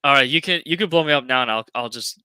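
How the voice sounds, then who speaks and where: Bright, smooth-voiced man introducing a project. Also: medium pitch, quick pace, no echo. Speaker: stream guest. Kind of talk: casual presentation intro.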